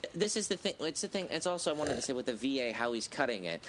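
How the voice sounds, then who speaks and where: A young man talks through current events in a loose podcast chat. He circles his points, stumbling over restarts and leaning on filler words, his voice sitting at an ordinary middle pitch. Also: sing-song, fast talker, a crowd in the background. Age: young adult. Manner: rambling, hesitant, frequent restarts and fillers. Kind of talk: casual political chat.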